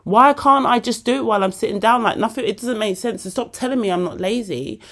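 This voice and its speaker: A woman's voice: on the high side, fast, fairly bright tone. A woman, hosting a podcast and talking casually and emotionally about herself, often calling the listener babe. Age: 40s. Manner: chatty, emotional, self-mocking, calls listener babe. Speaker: podcast host. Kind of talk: casual personal monologue. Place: bedroom at home.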